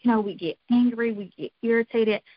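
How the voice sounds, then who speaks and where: A woman's voice: on the high side, a little fast, dry recording, muffled recording. A middle-aged woman giving an earnest, encouraging devotional talk, repeating phrases for emphasis. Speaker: devotional speaker.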